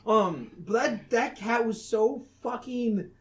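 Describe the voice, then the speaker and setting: A man co-hosting a casual podcast chat, telling profane stories with loud laughing outbursts. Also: very high voice, takes it slowly, crowd noise. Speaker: podcast co-host.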